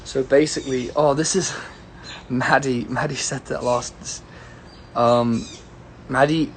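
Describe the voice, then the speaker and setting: A man's voice: medium pitch, fairly even intonation, takes it slowly, a little hiss or hum. Easygoing young man chatting. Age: young adult. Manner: rambling and easygoing, greeting viewers by name. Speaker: singer-songwriter. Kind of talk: casual livestream chat answering viewer questions. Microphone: phone livestream.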